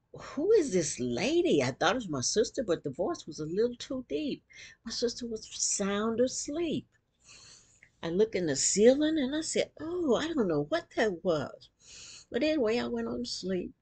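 A woman vlogger telling a personal story to camera, animated and acting out quotes. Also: mid-range voice, breathy edge.

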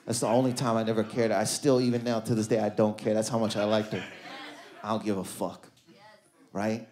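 A man's voice: on the low side, flat delivery, a little fast, a little mellow. A man doing a stand-up comedy set on a club stage, telling a casual story and acting out the people in it. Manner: storytelling, casual, acts out voices of people in stories. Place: comedy club stage before a live audience.

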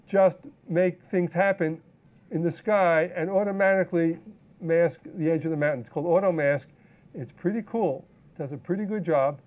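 A man teaching a live photo-editing software demonstration, explaining step by step in a relaxed way with fillers and self-corrections. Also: fairly high pitch. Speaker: photography instructor.

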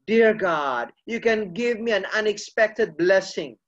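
Preacher playing a humble praying pastor. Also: male voice, high-pitched, animated, unhurried, fairly bright tone, muffled recording. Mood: prayerful. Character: small thin male pastor, humble and prayerful.

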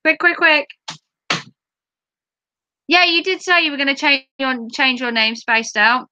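A woman's voice: high voice, unhurried, pushed and bright, muffled recording, a little hiss or hum. A woman from England with a Norfolk accent, chatting casually on a livestream and answering her chat aloud. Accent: Norfolk English.

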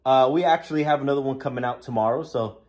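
A man's voice: mid-range voice, fast talker, a crowd in the background. A young man co-hosting a prank vlog, playful and laughing as he talks to viewers. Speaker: vlogger and prank channel co-host. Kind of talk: casual prank vlog chat.

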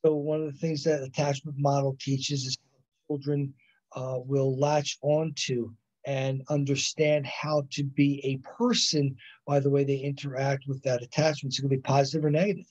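A man's voice: medium pitch, little pitch movement, normal speed, darkish tone. A man teaching a college psychology class over a video call, rambling and correcting himself often, checking in with "right?" and "you know". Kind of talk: recorded online lecture. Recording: dull lo-fi video call audio.

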